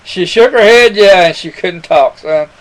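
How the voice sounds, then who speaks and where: A man's voice: high voice, a little slow, rough recording. A man telling a personal testimony to his webcam, rambling and earnest, calling the listener son. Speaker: webcam storyteller.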